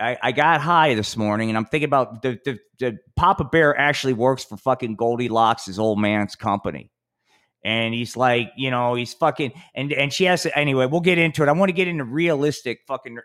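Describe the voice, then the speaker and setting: A man hosting a podcast, riffing in a rambling, profane, animated way. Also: mid-range voice, moderate pace. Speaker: podcast host.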